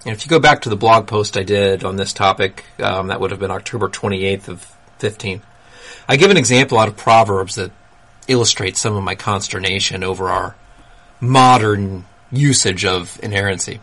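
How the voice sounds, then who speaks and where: A man hosting a solo talk, explaining ideas in a measured, critical way with dry asides. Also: lowish voice, fairly bright tone. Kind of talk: solo commentary monologue.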